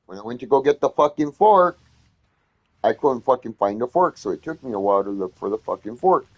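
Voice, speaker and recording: A man telling a heated story in casual conversation, swearing constantly and getting loud when he retells arguments. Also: medium pitch, animated, brisk, slightly rough, highs cut off.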